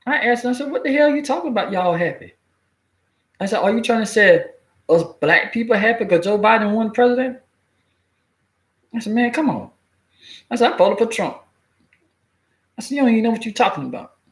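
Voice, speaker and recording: A man giving a blunt, animated opinion rant in casual, colloquial speech, cursing freely and laughing at his own jokes. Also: sits high, brisk, pauses often. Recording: echoey room.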